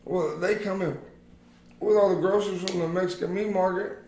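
A man's voice: high voice, fairly quick, a little hiss or hum. A man co-hosting a casual podcast, telling rowdy, profane stories to his friends. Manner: profane, animated storyteller. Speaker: podcast co-host. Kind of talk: casual chat among friends. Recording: roomy echo.

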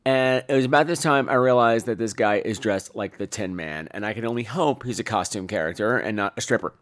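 A man hosting a podcast, telling a funny, profane story in an animated way. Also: lowish voice, a little fast. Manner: animated, profane, jumps between voices. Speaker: podcast host. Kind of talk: comic storytelling.

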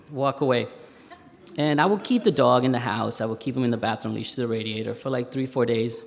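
A man, telling a personal story live on stage in a conversational way, with pauses and fillers. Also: medium pitch, vocal fry, slight background noise. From Spanish Harlem, New York. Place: stage in a museum hall, live audience. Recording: reverberant live hall.

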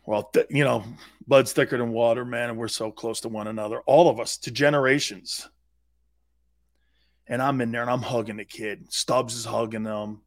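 A man hosting a sports talk radio show, telling stories with emphatic repetition and growing excitement. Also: medium pitch, normal speed, no echo, clean studio sound.

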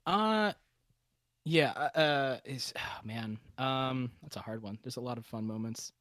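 A man's voice: mid-range voice, measured pace, fairly bright tone, dry recording, clean studio sound. A young man, a game master guest, chatting casually, laughing often and restarting his sentences. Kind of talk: casual chat.

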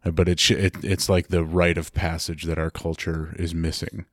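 A man hosting a podcast and working as a personal trainer, talking in a relaxed, reflective way with casual swearing. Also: low voice, normal speed, dry recording, clean studio sound. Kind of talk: casual chat. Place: martial arts academy.

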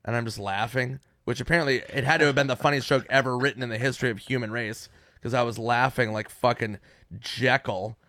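A man's voice: mid-range voice, a little fast, dry recording, studio quality. A young man from Minnesota co-hosting a podcast, telling a wild story in casual, profane chat. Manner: animated, profane, laughing storyteller. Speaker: podcast co-host.

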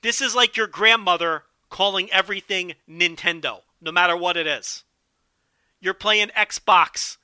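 A man's voice: high-pitched, unhurried, bright, forceful tone, clear, resonant tone, dry recording. A man giving a casual wrestling recap, enthusiastic and profane, riffing with jokes. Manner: enthusiastic, profane, joking riffs. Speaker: wrestling show commentator.

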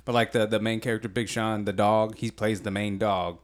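A man's voice: on the low side, moderate pace. A man co-hosting a podcast, chatting casually and joking with frequent laughs. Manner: animated, jokey, laughs often. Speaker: podcast co-host. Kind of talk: casual chat.

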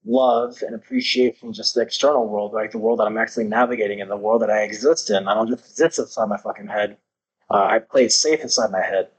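A man's voice: medium pitch, rough recording. A man appearing as a podcast guest, talking earnestly and reflectively in casual conversation with occasional swearing.

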